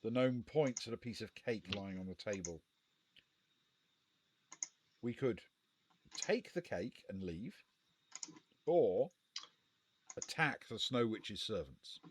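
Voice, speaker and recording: A man's voice: on the low side, lively intonation, takes it slowly, pauses often, a little hiss or hum. A man co-hosting a casual live gamebook play-through, reading passages aloud and weighing the choices with dry understatement.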